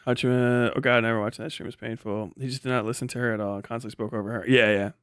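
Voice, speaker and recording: A man's voice: medium pitch, steady tone, racing, fairly bright tone, clear, resonant tone, no echo, clean studio sound. A man talking casually on a livestream, rambling and swearing, often laughing and trailing off. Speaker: live streamer.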